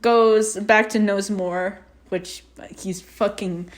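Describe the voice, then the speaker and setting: A woman co-hosting a podcast, ranting about a movie in casual chat, animated and swearing often. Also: mid-range voice, slow. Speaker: podcast co-host.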